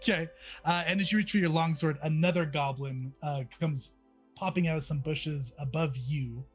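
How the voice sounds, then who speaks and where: A man running a tabletop game as game master, relaxed, explaining the rules step by step. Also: fairly high pitch, normal speed, soft background music.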